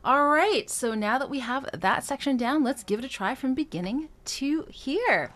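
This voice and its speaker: A woman's voice: sits high, expressive, normal speed, a bit bright, a little hiss or hum. A woman vocal coach giving a singing lesson, explaining technique in a casual way and breaking into short sung phrases to demonstrate. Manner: casual, thinks aloud with fillers.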